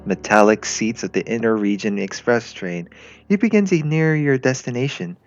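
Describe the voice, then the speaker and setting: A man's voice: medium pitch, expressive, normal speed. A man reading a visual novel aloud, narrating in a plain second-person way. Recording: lo-fi with faint music.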